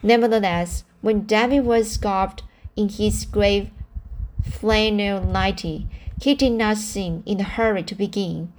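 A woman reading a novel aloud, careful and measured, often stumbling and correcting her words. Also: medium pitch, steady tone, darkish tone. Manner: careful reading with frequent slips and self-corrections. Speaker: audiobook reader.

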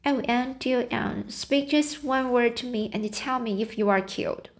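Woman voicing a scared little schoolgirl, storybook, high pitched, shrill, pleading. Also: unhurried. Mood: frightened. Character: frightened young schoolgirl friend.

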